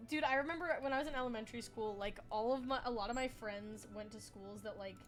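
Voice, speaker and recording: A woman's voice: on the high side, quick pace, soft background music. A woman in her twenties chatting casually while playing a game on stream, rambling and giggly. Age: 20s. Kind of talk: casual gaming chat.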